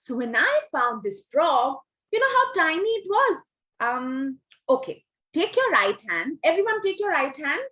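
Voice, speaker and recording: Lively high-voiced woman telling children a story. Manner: animated, coaxing, asks children questions. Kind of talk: online storytelling workshop. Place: home, on a video call. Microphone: video call.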